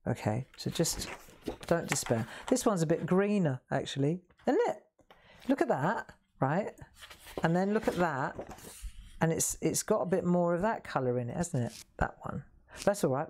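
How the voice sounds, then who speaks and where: A woman's voice: low-pitched, a little mellow, slight background noise. A woman hosting a live craft demonstration, chatty, self-deprecating and reassuring as she paints. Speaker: craft host.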